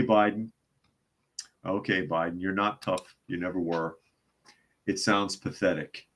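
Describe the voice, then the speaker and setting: A man hosting a casual live stream, chatting and reading viewer comments aloud between laughs. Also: fairly low pitch. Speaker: host.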